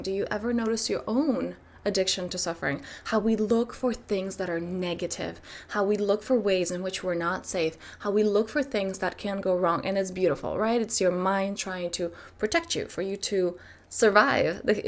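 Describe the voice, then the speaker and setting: A woman in her thirties, a self-help coach giving a motivational talk to camera, emphatic and full of rhetorical questions. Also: lowish voice.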